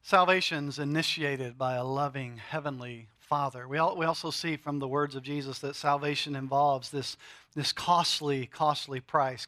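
A middle-aged pastor delivers a sermon, building to emphatic swells and then dropping into dramatic pauses. His voice is bright and forceful, sitting a little high for a man. The sound is dry, with almost no room echo. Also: steady tone.

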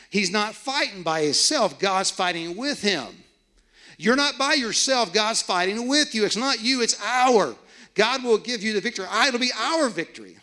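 Gravelly preaching man, swinging loud and soft. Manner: preaching with big swings in pitch and volume, joking asides. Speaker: pastor. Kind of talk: sermon.

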